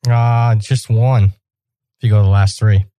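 A man on a sports betting panel who answers questions plainly and is quick with figures and stats. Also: fairly low pitch, fairly even intonation, warm tone, dry recording. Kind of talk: sports betting roundtable chat.

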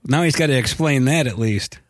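A man's voice: mid-range voice, brisk, no room sound. Laid-back male podcast co-host. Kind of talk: casual chat.

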